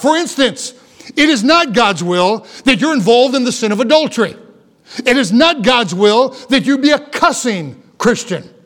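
Man, pastor preaching, high-pitched voice, emphatic, repeats himself. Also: a bit bright. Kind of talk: sermon.

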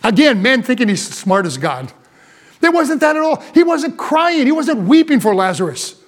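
High-voiced preacher, fervent then hushed. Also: male voice, very animated. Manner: swings between fervent emphasis and hushed, slow asides; reads old scripture wording aloud, then explains it plainly. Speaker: pastor. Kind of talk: sermon with scripture reading.

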